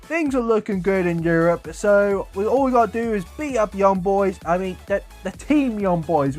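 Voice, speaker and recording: A young man giving casual commentary over football game highlights, exasperated and swearing about his team. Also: lively intonation, normal speed, few pauses, soft background music. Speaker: gaming YouTuber.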